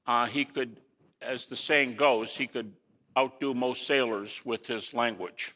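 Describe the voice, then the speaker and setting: A man giving a lecture to an audience in an animated way, with rhetorical questions and folksy asides. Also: medium pitch, unhurried, long reverb tail.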